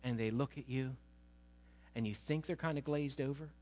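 A man preaching a sermon, conversational and animated, often asking his listeners questions. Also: mid-range voice, moderate pace. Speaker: pastor.

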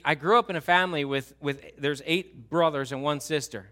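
A man's voice: a little high, fairly quick, hardly any pauses, pushed and bright. A male pastor giving a conversational, emphatic sermon and asking his listeners questions.

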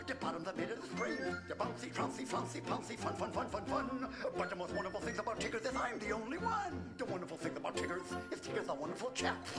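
A man voicing a bouncy, boastful cartoon tiger who sings and giggles over loud backing music. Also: high-pitched. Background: song backing music.

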